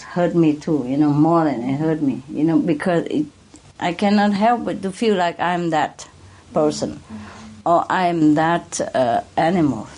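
A woman addressed as master, talking in a casual conversation, earnest and emotional, halting with restarts and soft laughs. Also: fairly low pitch.

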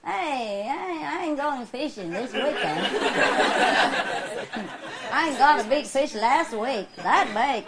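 A woman's voice: high voice, animated, takes it slowly, long pauses, heavy background noise. A woman voicing a boastful, folksy neighbor who brags about a big fish, talking in a playful, chuckling drawl.

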